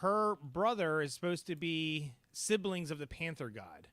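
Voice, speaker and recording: A man talks in a casual podcast review, rambling with lots of ums and restarts. His voice is bright and fairly high for a man, and the recording is dry and close. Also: very animated, measured pace, no echo. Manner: rambling, many fillers and restarts. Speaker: podcast co-host. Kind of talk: casual episode review chat.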